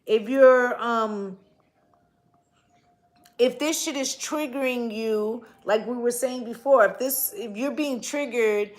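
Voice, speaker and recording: A woman's voice: a little high, slow pace. A woman giving a tarot reading in a casual, blunt, profane way, often tagging her points with "right?". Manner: blunt, profane, emphatic, keeps asking "right?". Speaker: tarot reader.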